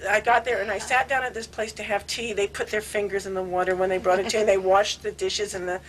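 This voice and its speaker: A woman in her sixties telling animated, laughing stories with many restarts in casual conversation. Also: medium pitch, fast talker, slight background noise, low-quality recording. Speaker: longtime devotee recounting memories. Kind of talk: casual storytelling.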